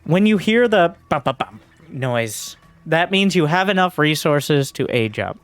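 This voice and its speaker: A man's voice: on the high side, expressive, a little slow, a bit bright, faint music behind. A man coaching as he reviews gameplay, blunt, sarcastic and profane. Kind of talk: game coaching commentary.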